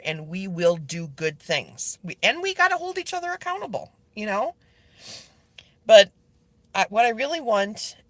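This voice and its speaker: A woman's voice: fairly low pitch, no room sound. A woman livestreaming to her online group, talking earnestly and pleading directly with her viewers as she answers their comments. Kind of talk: casual live video chat, reading viewer comments.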